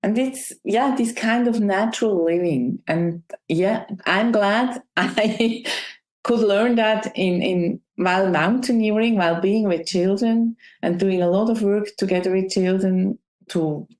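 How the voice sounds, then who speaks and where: A woman's voice: mid-range voice, a little slow, darkish tone. A woman guest in an interview, talking reflectively and often restarting, with non-native phrasing. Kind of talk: conversational interview. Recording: roomy echo.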